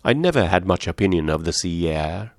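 A man voicing a fretful elderly gentleman who fusses anxiously over health. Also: sits low, animated, fairly quick, no room sound, studio quality. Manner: anxious, fussing, gently scolding.

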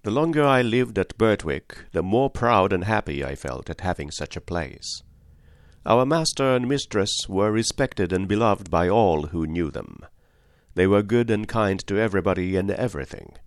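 A man narrating an audiobook in a calm, measured storytelling manner. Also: low-pitched, no echo, studio quality. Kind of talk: scripted narration.

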